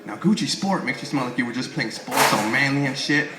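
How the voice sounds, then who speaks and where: Amid audience laughter and crowd noise in an echoey club, a young stand-up comic rambles, curses and stammers as he restarts his lines on stage. He speaks a little fast in a mid-range voice with lively intonation.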